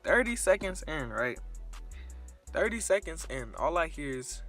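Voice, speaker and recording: Young guy vlogger, slightly high, punchy bright voice, crude slangy storytelling, faint music behind. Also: measured pace. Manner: crude, slangy, animated retelling. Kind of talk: casual storytime.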